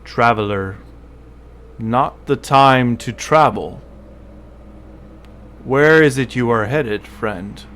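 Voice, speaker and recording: Guy putting on a smooth intense tiefling boss, fiery, mid-low voice, game table vibe. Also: takes it slowly, long pauses, fairly bright tone.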